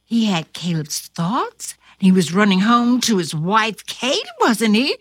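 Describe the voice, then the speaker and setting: A woman reading a fairy tale aloud, expressive and drawn out, close to the mic. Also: mid-range voice, measured pace, dry recording. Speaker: storyteller. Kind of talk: storybook narration.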